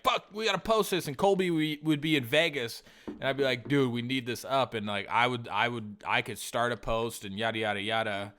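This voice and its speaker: A man's voice: medium pitch, sharp tone, clean tone. A man co-hosting a podcast, chatting casually, rambling, swearing often and acting out old conversations. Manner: rambling, swears a lot, acts out past conversations. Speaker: podcast co-host. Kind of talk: casual chat.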